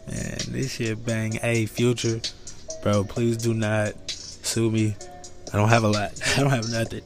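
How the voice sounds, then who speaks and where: An American man in his thirties hosting a casual solo podcast, rambling loosely, laughing often and cussing freely. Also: mid-range voice. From United States. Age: 30s. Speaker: podcast host. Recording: music playing loudly behind. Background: music.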